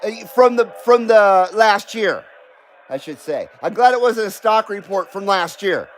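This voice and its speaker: A man's voice: high voice, animated, a little slow, faint music behind, rough recording. A man from the West Coast of the United States hosting a casual live stream, rambling and self-deprecating, often laughing and reading viewer comments aloud.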